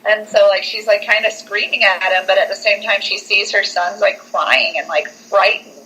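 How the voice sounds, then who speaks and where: Here the recording is rough and her voice is mid-range. The young podcast co-host narrates the film's plot casually and with energy, moving at a moderate speed, peppering everything with "like" and dramatizing the dialogue.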